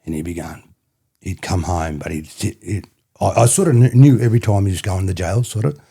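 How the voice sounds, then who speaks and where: In a relaxed podcast conversation, an ex-rugby player from country New South Wales speaks a little fast, his low voice dark and husky with an Australian accent. The middle-aged guest tells loose, reflective stories and keeps coming back to "you know what I mean".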